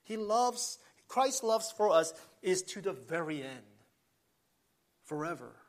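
A man's voice: high-pitched, big pitch swings, takes it slowly. A man preaching a sermon, earnest, swelling with emphasis and often restarting phrases. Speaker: pastor.

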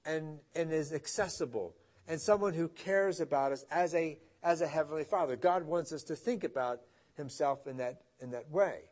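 A middle-aged man delivers a sermon from the pulpit, talking to his congregation in a conversational manner. His slightly high voice lifts sharply on the points he stresses, then sinks low and soft. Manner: conversational, with emphatic rises and soft, low drops. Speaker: pastor.

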